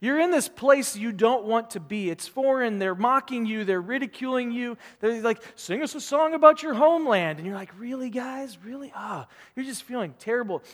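High-voiced man preaching in a reverberant hall. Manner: animated preaching with repeated phrases and acted-out quotes. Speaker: pastor. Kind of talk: sermon.

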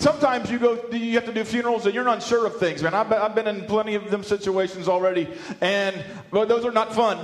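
A male pastor preaching a sermon, animated, often restarting words and asking his congregation questions. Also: very high-pitched, roomy sound. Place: church sanctuary with speakers.

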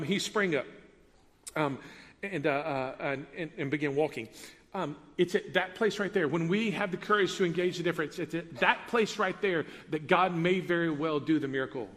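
A man's voice: high-pitched, a bit bright. A man preaching a sermon as pastor, talking conversationally and turning to ask the congregation questions. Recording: preached in a reverberant church hall.

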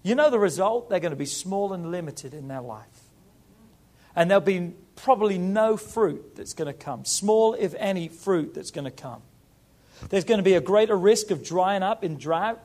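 Man, pastor, middle-aged, sermon, emphatic repetition, slightly high voice. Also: lively intonation, normal speed, a little mellow. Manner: emphatic preaching with rising repeated phrases.

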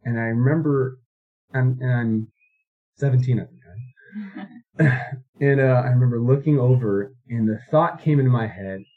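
A man's voice: mid-range voice, normal speed, long pauses, narrow, tinny audio. A man in his thirties, a guest recounting his life story in a casual interview, rambling with many fillers and restarts.

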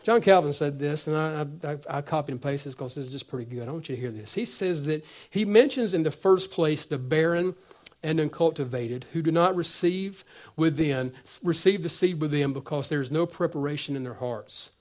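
A male pastor with a fairly high voice preaches a sermon at a moderate pace. He's animated, acting out small conversations and sometimes dropping nearly to a whisper.

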